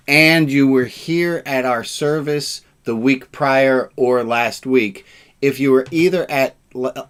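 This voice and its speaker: A man leading a relaxed, informal service, joking and self-deprecating, with sarcastic asides. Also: mid-range voice.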